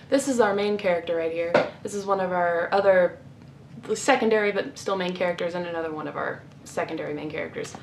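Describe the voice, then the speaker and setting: Brief: a young woman book vlogger, exasperated and animated, in an echoey room with faint background noise. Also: medium pitch. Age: 20s. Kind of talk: casual vlog rant.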